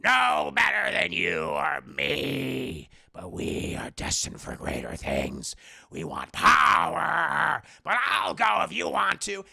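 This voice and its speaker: A man mock-impersonating a gruff, unhinged old father in a deep, gravelly growl, hammy and drawn out. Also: huge pitch swings, takes it slowly, bright, forceful tone, no room sound, clean studio sound, heavily acted. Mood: bellowing.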